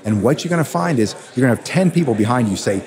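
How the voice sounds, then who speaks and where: A man who hosts a radio show, telling stories in an interview with animated, emphatic delivery. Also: mid-range voice, quick pace. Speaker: radio host and attorney, guest. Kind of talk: conversational storytelling interview. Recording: crowd chatter behind.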